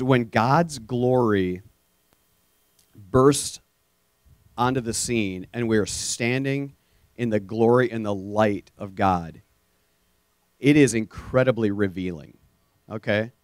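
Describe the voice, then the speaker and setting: A man preaching a sermon to his congregation, earnest and animated, with sudden bursts of energy. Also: on the low side, slow, pauses often, dry recording. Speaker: pastor.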